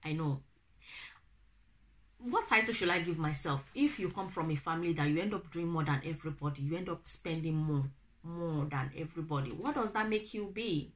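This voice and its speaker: Animated Nigerian woman telling a story. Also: low voice, normal speed. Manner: animated, acts out quoted family members in raised voices. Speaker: vlogger. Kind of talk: casual storytelling to camera.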